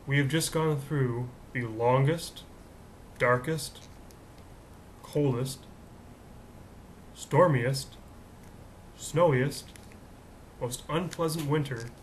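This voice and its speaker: A man's voice: mid-range voice, a little hiss or hum, low-quality recording. A young man in his twenties hosting a comedic vlog, talking in a rambling, jokey, self-mocking way. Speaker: host.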